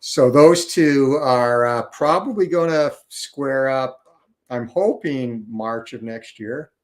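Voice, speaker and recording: A man's voice: mid-range voice, slow pace. A man chatting as a guest, explaining sports knowledgeably with frequent "uh" and "you know" fillers. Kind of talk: casual chat.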